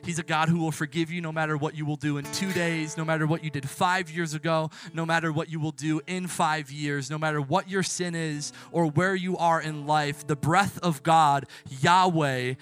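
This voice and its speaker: A man preaching a sermon as a youth pastor and closing in prayer. His delivery is impassioned, swinging from soft hushed lines to loud emphatic ones, with casual self-correcting asides. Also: on the high side, steady tone, normal speed, hardly any pauses, faint music behind.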